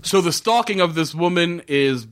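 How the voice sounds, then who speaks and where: A man's voice: fairly high pitch, moderate pace. Wry man recapping a show. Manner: animated storyteller, acts out characters' lines; profane, wry. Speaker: podcast co-host recapping a TV episode. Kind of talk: casual chat.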